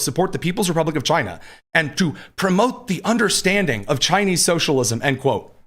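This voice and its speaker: Man, political commentary host, combative, sarcastic, reads quotes aloud, somewhat high voice, studio mic. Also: a bit bright. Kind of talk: live-streamed political commentary.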